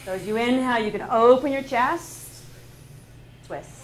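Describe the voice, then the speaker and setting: A woman teaching a live yoga class, giving calm pose and breath cues with playful laughs. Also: fairly high pitch, moderate pace, slight background noise. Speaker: yoga instructor. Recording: echoey room.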